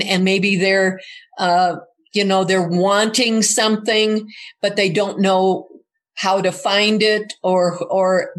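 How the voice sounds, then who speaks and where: A woman in an online Bible study group, sharing gentle, thoughtful reflections over a video call. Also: mid-range voice.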